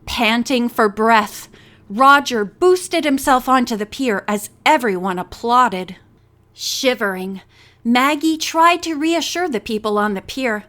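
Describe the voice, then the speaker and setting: Woman, audiobook narrator, higher voice, slow pace, steady storytelling. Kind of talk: reading a novel aloud.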